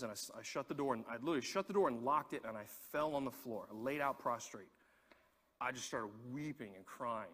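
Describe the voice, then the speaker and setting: A man preaching a sermon, telling a personal story in an animated way and repeating words as he gets going. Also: medium pitch, long reverb tail. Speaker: pastor.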